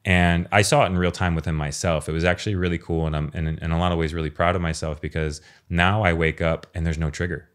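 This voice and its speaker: A man speaking as a podcast guest in a casual, earnest and expressive way, swearing now and then. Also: deep voice, quick pace, few pauses. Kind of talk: casual conversation.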